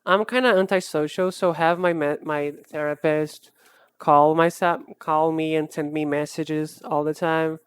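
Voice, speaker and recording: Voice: medium pitch, fairly even intonation, measured pace, smooth, no room sound. An art streamer in casual live-stream chat, rambling and self-deprecating, often laughing and restarting sentences.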